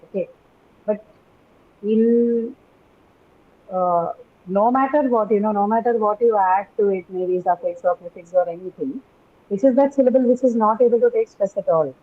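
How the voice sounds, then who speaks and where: A woman's voice: mid-range voice, normal speed, pauses often. A woman teaching an English pronunciation class, often checking with "right?" and quizzing her students. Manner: tags statements with "right?", questions students. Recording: dull lo-fi recording.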